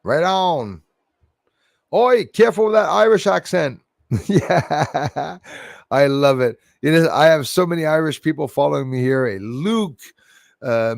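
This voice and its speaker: A man's voice: medium pitch, dry recording, studio quality. A middle-aged man, hosting a livestream and chatting casually through viewer comments, rambling and laughing often. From Canada. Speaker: livestream host.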